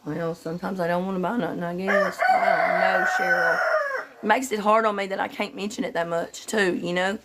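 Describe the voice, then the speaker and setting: A woman's voice: on the low side, steady tone, noisy background. A woman hosting a casual livestream, greeting viewers by name in a loose, slightly sleepy way. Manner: slightly slow and drowsy, just woke up. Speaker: livestream host.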